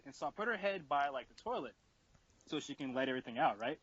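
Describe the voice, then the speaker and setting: A man's voice: on the high side, fast talker, dry recording, highs cut off. Young man telling a wild party story. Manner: animated, filler-heavy retelling with frequent "like" and acted-out asides. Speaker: podcast host. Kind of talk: casual storytelling.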